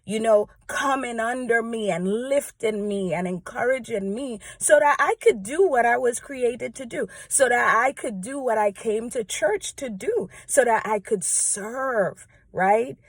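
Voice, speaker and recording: A woman's voice: on the high side, a little slow, hardly any pauses, no echo, clean studio sound. A woman speaking earnestly and heartfelt in a conversational devotional talk to camera, often checking in with "right?". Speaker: church praise team member sharing encouragement.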